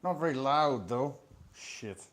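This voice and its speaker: A man's voice: mid-range voice, animated, slow, fairly bright tone. A man rambling through a live stream monologue in a sweary, self-mocking way, talking close into a phone. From Scotland. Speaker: vlogger. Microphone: phone held close to the mouth.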